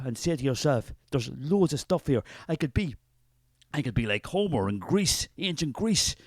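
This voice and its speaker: A man's voice: mid-range voice, a little mellow, no echo, close to an everyday voice. An Irish man playing a preachy, fervent male spirit of artistic creativity who rambles grandly in a comic character sketch.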